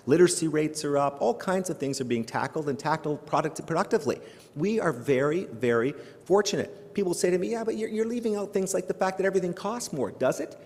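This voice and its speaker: A middle-aged man from Canada giving a humorous keynote speech, animated and joking, full of rhetorical questions, recorded live in a large hall before an audience. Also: a little high, fairly quick. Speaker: keynote speaker. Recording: live hall with long reverb.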